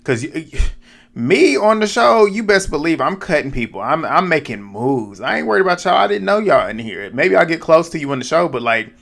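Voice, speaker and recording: A young man giving a casual, animated recap of a reality show, speaking bluntly and with lots of slang, directly to his viewers. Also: on the high side, fairly quick, gravelly, hardly any pauses. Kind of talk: casual episode recap and commentary.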